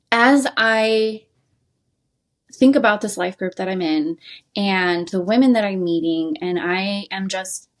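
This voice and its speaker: A young woman hosting a podcast, telling a personal story in a candid, confessional way with many fillers. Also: mid-range voice. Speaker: podcast host.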